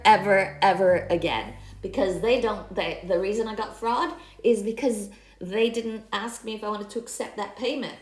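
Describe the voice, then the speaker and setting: A woman in her fifties from Quebec with a Quebec French accent leads a workout in a chatty, mixed French-and-English way, laughing often. Her voice sits at a middling pitch and echoes around the room, with soft music playing underneath. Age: 50s. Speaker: fitness instructor. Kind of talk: casual workout instruction. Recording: echoey space with background music.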